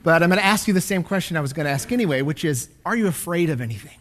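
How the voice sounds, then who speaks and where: A man preaching a sermon as a pastor, swinging between loud declarations and hushed whispers as he reads scripture. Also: on the high side, lively intonation, very fast.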